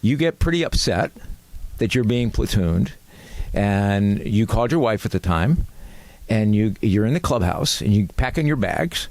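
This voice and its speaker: A man's voice: lowish voice, expressive, moderate pace, a little mellow, no echo. A man hosting a casual interview, leading the guest with chatty questions and setting up his stories. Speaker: interview host.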